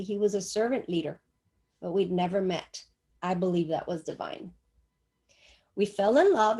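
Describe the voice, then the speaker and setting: Older lady doing her church testimony, kinda high voice, lively and emphatic, acts out the conversations. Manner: animated, acts out dialogue, emphatic. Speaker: church member giving testimony. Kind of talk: personal testimony storytelling.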